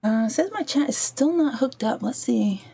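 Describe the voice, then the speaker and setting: Lively chatty woman streamer. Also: fairly high pitch, moderate pace, gravelly, breathy edge. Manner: chatty, digressive, breaks off to fix her stream; acts out quoted people in throwaway voices. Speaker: podcast host. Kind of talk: casual livestream storytelling while gaming.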